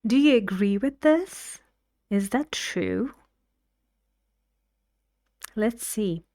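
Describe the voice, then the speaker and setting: A woman's voice: mid-range voice, expressive, extremely slow, warm tone, dry recording, clean studio sound. A woman teaching English pronunciation, patiently giving instructions and drilling syllables aloud. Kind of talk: slow, careful classroom instruction.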